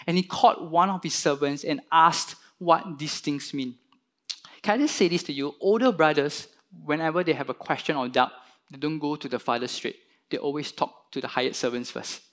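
A man preaching a sermon, retelling a parable and acting out its characters with lively emphasis. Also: a little high, normal speed. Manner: animated, voices the parable's characters with rising emphasis. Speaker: pastor.

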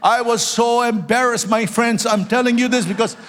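A man's voice: very high voice, fairly even intonation, normal speed, a bit bright, in a large hall. A man preaching a sermon as a pastor, telling stories and building into fervent prayer. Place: church sanctuary.

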